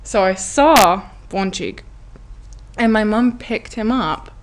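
A woman's voice: medium pitch, slow pace, background noise. A woman hosting a podcast, telling a story in a chatty, giggly way, full of "like" and acted-out quotes. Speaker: podcast host. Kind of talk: casual storytelling monologue.

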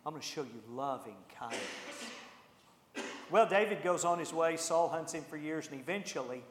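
A man preaching a sermon, telling a story with lively energy and acting out the characters' lines. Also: fairly high pitch, moderate pace, a little hiss or hum. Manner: animated, acts out the characters' lines. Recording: echoey hall with long reverb.

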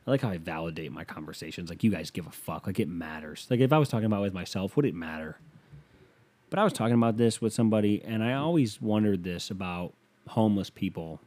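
Young guy rambling on his bedroom podcast, cusses a lot, lowish mellow voice. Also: expressive, fast talker. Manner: rambling, profane, self-mocking. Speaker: podcast host. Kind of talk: casual solo podcast monologue.

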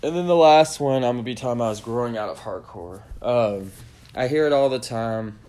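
A man's voice: medium pitch, fairly quick, mellow. A man hosting a podcast, delivering a blunt, profanity-heavy rant that lectures his listeners. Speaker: podcast host. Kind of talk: opinionated rant.

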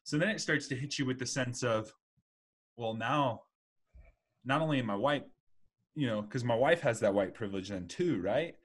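A man's voice: medium pitch, lively intonation, moderate pace, pauses often. A man in his twenties hosting a casual podcast chat, rambling with lots of "like" and "you know". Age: 20s.

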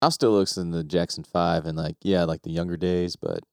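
A man's voice: low-pitched, fairly even intonation, moderate pace, smooth, dry recording, studio quality. A man co-hosting a podcast in casual chat, laid-back and cursing freely. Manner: laid-back, swears freely, laughs often. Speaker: podcast co-host.

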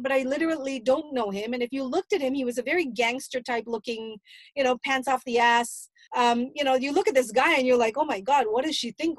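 High-voiced middle-aged woman telling a story. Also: dry recording. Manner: emotional, quotes her own past dialogue at length. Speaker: mother recounting a family story. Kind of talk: personal storytelling.

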